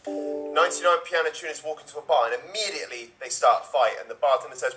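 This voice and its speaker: A man telling jokes as an improv player, laughing and animated. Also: fairly high pitch, quick pace, music in the background. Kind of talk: casual joke telling.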